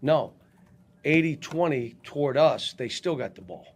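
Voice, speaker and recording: A man's voice: medium pitch, animated, gravelly, breathy edge. An older man coaching basketball, answering press questions bluntly with many restarts, at a post-game press conference. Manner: blunt, halting, frequent restarts.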